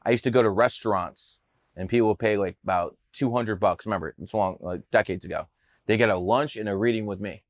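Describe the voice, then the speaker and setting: A man's voice: fairly low pitch, brisk, dry recording. A man telling stories in a casual interview, brash, boastful and profane. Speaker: podcast guest telling his story.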